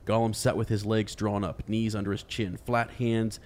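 Man with a lowish voice reading and chatting. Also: flat delivery, moderate pace, a little mellow, a little hiss or hum. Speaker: book discussion co-host. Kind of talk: casual book chat with read-aloud passages.

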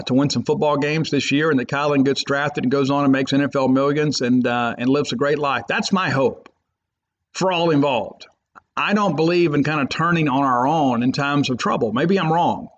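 A man's voice: mid-range voice, fairly even intonation, normal speed. A man hosting a sports podcast, talking in an emphatic, rambling way. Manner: emphatic, rambling, fan loyalist. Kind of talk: opinionated sports talk. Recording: muffled lo-fi podcast audio.

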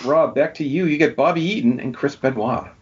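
A man's voice: mid-range voice, brisk, breathy edge. A man hosting a casual podcast trivia game, reading out questions and answers and laughing easily. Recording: dull lo-fi sound.

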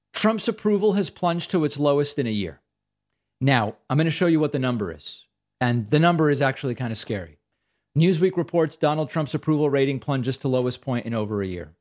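A man's voice: mid-range voice, a little mellow. A man hosting a political talk show, delivering sarcastic, incredulous commentary.

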